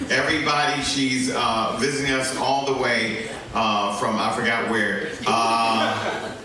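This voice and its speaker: A man's voice: medium pitch, flat delivery, takes it slowly. A man hosting a comedy show, bringing comics on and off with hype. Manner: hyped-up emcee patter. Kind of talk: emcee introductions. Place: comedy club. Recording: echoey club from far off with crowd. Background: crowd.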